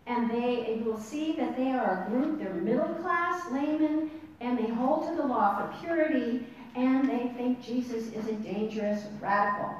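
A woman teaching a Bible study class, animated and asking her listeners questions. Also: moderate pace, lo-fi sound. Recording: distant mic in an echoey room with rumble.

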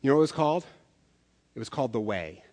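A man's voice: medium pitch, expressive, quick pace, darkish tone. A man preaching a sermon as pastor, telling stories in a conversational way with self-deprecating humor. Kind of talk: sermon with storytelling. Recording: long hall reverb.

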